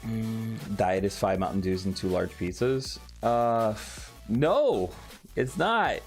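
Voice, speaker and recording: A man's voice: on the low side, animated, slow pace. A man casually chatting on a late-night stream, reading chat aloud and swearing offhandedly. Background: faint background music.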